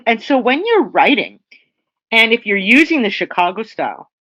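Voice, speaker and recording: A woman's voice: a little high, very animated, normal speed, a bit bright, slight background noise. A woman lecturer giving an academic seminar talk in a conversational way, often checking in with her listeners. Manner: conversational, checks in with "okay?" and "right?". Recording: dry, dull lo-fi lecture audio.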